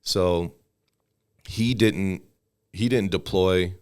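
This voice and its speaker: Speaking extremely slowly in a smooth, low-pitched voice, a man of about forty—an MMA fighter who served in the army—casually tells stories as a podcast guest. He stays relaxed, raising his voice to act out anyone he quotes.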